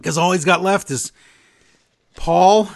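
A man co-hosting a podcast, recapping events in casual chat, animated and blunt with his opinions. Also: high-pitched, slow, vocal fry, dry recording, studio quality. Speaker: podcast co-host.

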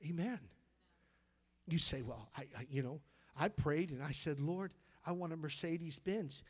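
A middle-aged man preaching a fervent sermon, swinging from loud exclaiming to soft, near-whispered storytelling, repeating words when moved. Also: a little high, measured pace, husky.

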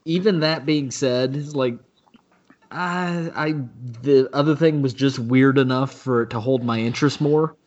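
Male podcast co-host, rambling, halting restarts, casual, lo-fi audio. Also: mid-range voice, a little mellow. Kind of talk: casual chat.

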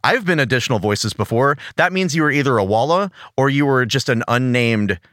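Lively, bright-voiced podcast co-host. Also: male voice, medium pitch, brisk, no echo, clean studio sound. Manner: enthusiastic, giggly nerdy banter. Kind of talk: casual podcast chat.

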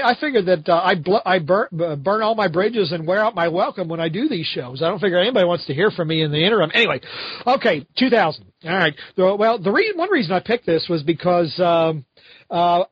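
A middle-aged man co-hosting a casual podcast, talking in animated, exasperated rants. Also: high-pitched, breathy edge, dry recording. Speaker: podcast co-host. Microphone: home podcast microphone. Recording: slightly dull lo-fi audio.

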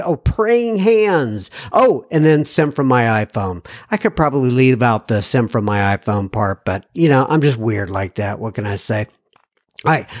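A man hosting a podcast, reading listener emails aloud in a casual monologue with joking asides and lively jumps in pitch. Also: dry recording, clean studio sound. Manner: chatty, joking asides, animated swings in pitch.

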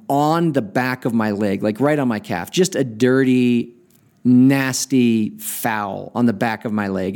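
A man hosting a podcast, telling a personal story in an earnest, reflective way and slowing down to stress key points. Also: mid-range voice, a little mellow. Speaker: podcast host.

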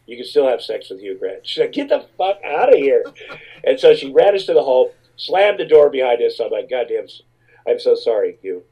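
Husky man telling a rambling story. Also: medium pitch, big pitch swings, fairly quick, dark tone, low-quality recording. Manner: rambling, profane, repeats words. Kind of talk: comic anecdote.

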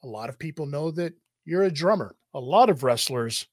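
High-pitched joking podcast host. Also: male voice, animated, moderate pace, dry recording, clean studio sound. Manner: chatty, joking questions. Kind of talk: casual interview chat.

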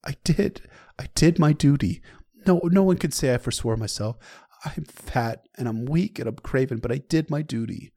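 A man voicing a frightened, heavyset young soldier with a hushed, husky, pleading voice. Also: mid-range voice, normal speed, voice pushed up, lightly acted. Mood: despairing.

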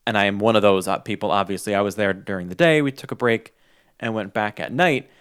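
A man's voice: fairly low pitch, fast, a bit bright, smooth, no room sound, studio quality. A young adult man co-hosting a podcast in casual chat, enthusiastic and rambling as he tells stories. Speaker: podcast co-host.

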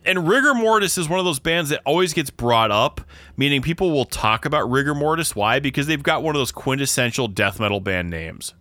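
A man's voice: medium pitch, lively intonation, brisk, bright, forceful tone, no echo. A man co-hosting a podcast in casual chat, telling long rambling stories that keep circling back on themselves. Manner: rambling, self-interrupting storyteller. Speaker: podcast co-host.

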